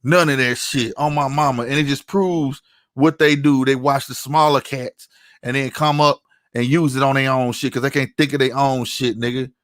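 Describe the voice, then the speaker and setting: An online commentator delivers an angry, profane rant, often dropping in "you know what I'm saying". His mid-range voice keeps a steady tone at a moderate pace and sounds a bit bright, in clean studio sound with no echo.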